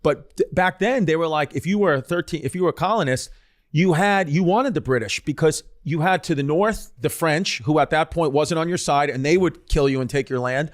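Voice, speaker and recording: A man's voice: on the high side, fairly quick. A man co-hosting a comedy podcast, rambling through a story in casual, profane chat and saying "dude" a lot. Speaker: podcast co-host.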